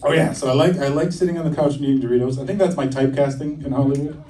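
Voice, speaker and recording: Self-mocking middle-aged stand-up comic. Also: male voice, medium pitch, racing, a crowd in the background. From United States. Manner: self-mocking, storytelling, acts out voices. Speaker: stand-up comedian. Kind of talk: live stand-up comedy. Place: stage at a campus comedy show. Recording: distant live stage recording with audience laughter. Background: audience laughing.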